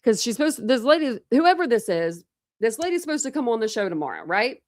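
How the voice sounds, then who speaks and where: A woman's voice: on the high side, sing-song, fast talker, no echo, studio quality. A woman chatting casually on a true crime live stream, rambling with lots of fillers and talking to her chat.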